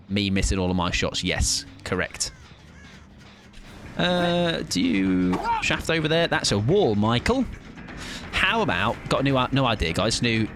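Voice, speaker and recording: A man streaming a game, chatting casually in a self-mocking, playful way. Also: mid-range voice. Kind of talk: casual gaming commentary.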